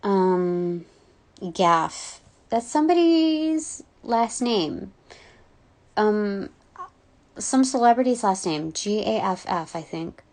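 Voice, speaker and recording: Slow, gravelly-voiced woman rambling. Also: mid-range voice, expressive, darkish tone. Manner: rambling, many ums and likes, giggly. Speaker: spiritual reader. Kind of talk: casual intuitive reading monologue.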